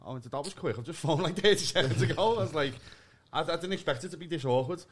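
A man's voice: on the high side, lively intonation, fast talker, slightly rough. A man, a podcast guest telling a story in blunt, sweary casual chat and acting out both sides of phone arguments.

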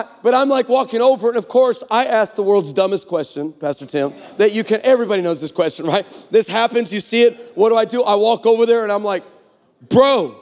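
A man in his forties giving a sermon as a guest preacher, telling funny stories in an animated, sarcastic way. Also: extremely high pitch. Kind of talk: comedic storytelling sermon. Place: large church hall. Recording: long hall reverb.

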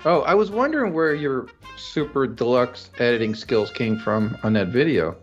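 A man's voice: medium pitch, animated, moderate pace, muffled recording, faint music behind. A man co-hosting a podcast, asking incredulous, teasing questions in casual banter. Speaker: podcast co-host.

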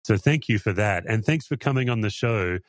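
A deep-voiced man hosts an interview podcast, speaking earnestly and with emphasis. His voice is very low and the recording is dry and close, with no room sound. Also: expressive, brisk, dry recording. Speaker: podcast host. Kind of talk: interview conversation.

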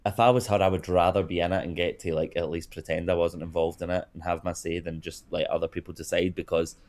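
Deep-voiced man, gossipy and chatty. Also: fast. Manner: chatty and gossipy, lively swings of emphasis. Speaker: podcast co-host. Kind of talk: casual chat.

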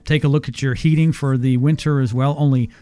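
A male radio host telling a story in an animated way and pitching a deal to his listeners. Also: brisk, faint music behind. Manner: animated storytelling, acting out quotes. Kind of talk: radio ad read and chat.

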